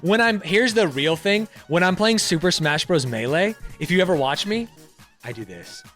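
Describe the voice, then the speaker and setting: A young man with a fairly high, very lively voice gives animated, profane commentary as he reads quiz questions aloud. He laughs often and swings his tone all over the place. Faint music plays softly behind him. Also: normal speed. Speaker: YouTuber.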